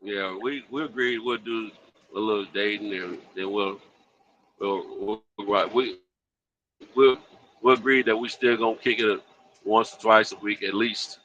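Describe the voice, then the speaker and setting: A man's voice: lowish voice, fairly even intonation, unhurried, fairly bright tone, lo-fi sound, a little hiss or hum. A man co-hosting a late-night chat, laid-back, often repeating words as he searches for them.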